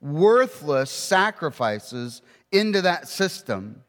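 A man preaching a sermon, emphatic, with rhetorical questions and slowing down to read scripture. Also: fairly high pitch, big pitch swings, fairly bright tone, in a large hall.

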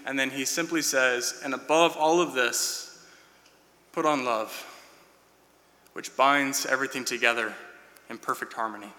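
Earnest pastor guy preaching, really bright sharp voice, big echoey church hall. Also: fairly high pitch. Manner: earnest, builds in waves, drops soft for quoted words. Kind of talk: sermon. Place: church sanctuary. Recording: long hall reverb.

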